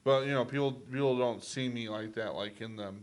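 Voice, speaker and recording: A man's voice: mid-range voice, a little fast. Profane joking Texan man. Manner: rambling, profane, jokey. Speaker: podcast host. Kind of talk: casual chat.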